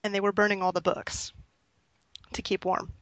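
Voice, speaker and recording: A woman's voice: mid-range voice, level tone, moderate pace, no room sound. Wry woman in casual chat. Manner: dry, wry humor.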